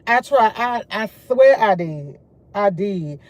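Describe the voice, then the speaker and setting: A young woman vlogging to her viewers, retelling a run-in in an animated, emphatic way with slang and swearing. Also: mid-range voice, slow pace, no echo. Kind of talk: casual storytelling chat.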